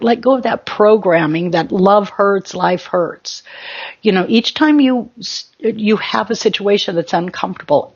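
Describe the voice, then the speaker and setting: A woman's voice: medium pitch, breathy edge, muffled recording. A woman spiritual teacher giving an emphatic motivational talk in short, exhorting commands.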